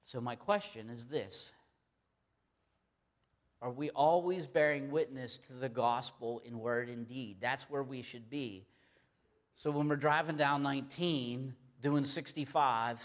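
A man's voice: mid-range voice, fairly even intonation, measured pace. A man preaching a sermon in an earnest, emphatic manner, repeating key phrases to drive them home.

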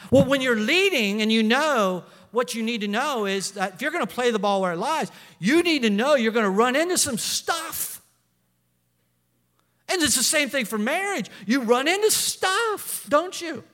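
A middle-aged man preaching a sermon as pastor, animated and storytelling, with frequent restarts. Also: extremely high pitch, fairly quick. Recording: long hall reverb.

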